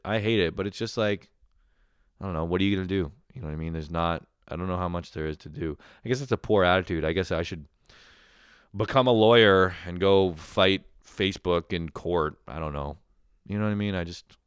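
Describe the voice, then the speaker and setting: A man's voice: sits low, a little fast, clean tone, no echo, clean studio sound. A young man ranting casually and sarcastically as a comedy host, rambling and swearing often.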